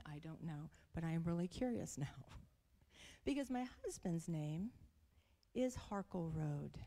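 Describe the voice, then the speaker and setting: A middle-aged woman speaking at church, telling a personal story in a sermon with animated, laughing delivery. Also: deep voice, big-room sound.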